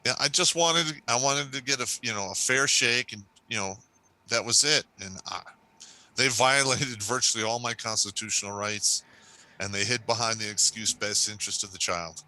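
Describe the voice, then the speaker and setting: A man with a very bright, tense voice gives blunt, emphatic opinions while co-hosting a casual livestream. He leans hard on his points, often opening with a firm "listen.". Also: mid-range voice, moderate pace, low-quality recording. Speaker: livestream co-host. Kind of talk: casual chat.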